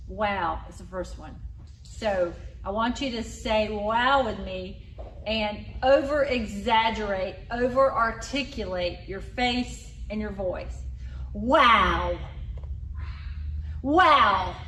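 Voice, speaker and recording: A woman leading a group through voice exercises, coaching loud, exaggerated sounds. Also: a little high, slight background noise. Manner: loud, exaggerated vocal demonstrations. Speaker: exercise leader. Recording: echoey room, a bit far from mic.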